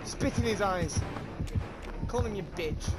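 A man giving crude, joking commentary on a video game, teasing and bursting into shouts. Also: sits high, measured pace, loud music behind the voice. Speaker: gaming video creator. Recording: loud background noise.

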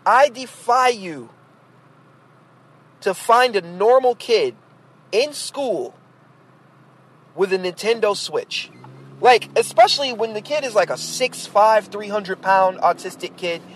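A man's voice: sits high, expressive, slow, pauses often, a bit bright, husky. A man hosting a podcast, delivering a blunt, exasperated rant full of fillers and restarts. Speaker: podcast host. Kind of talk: ranting monologue.

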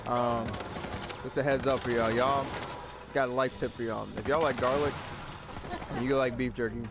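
A young man giving loud, joking, profane commentary while playing a video game. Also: medium pitch, steady tone, moderate pace, noisy background. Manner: loud, joking, swears often. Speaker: gaming channel host. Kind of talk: casual gameplay commentary. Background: game music and gunfire.

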